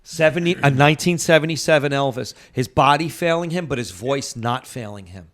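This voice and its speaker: A man hosting a podcast in casual, jokey chat, stretching out words for emphasis. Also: mid-range voice. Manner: animated, jokey, drawn-out emphasis. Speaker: podcast host.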